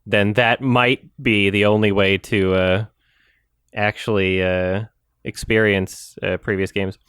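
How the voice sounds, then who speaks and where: A man's voice: lowish voice, level tone, slow pace, a bit bright, clear, resonant tone, dry recording, studio quality. A man hosting a podcast in casual chat, rambling and swearing, often correcting himself mid-sentence. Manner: rambling, profane, self-correcting. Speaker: podcast host.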